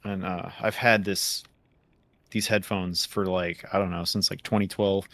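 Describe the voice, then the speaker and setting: A man's voice: low-pitched, flat delivery, a little slow, fairly bright tone. A man chatting casually while gaming, laid-back, trailing off and swearing offhand. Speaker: gamer.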